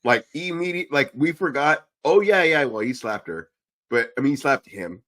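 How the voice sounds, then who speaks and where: A man co-hosting a podcast in casual chat, animated and swearing, acting out quotes in a lower voice. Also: normal speed. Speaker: podcast co-host.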